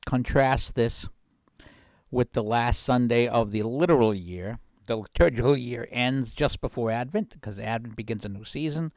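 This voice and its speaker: A man's voice: medium pitch, no room sound. A man hosting a radio prayer show, reading scripture and explaining it in an earnest, plain-spoken way, repeating phrases for emphasis.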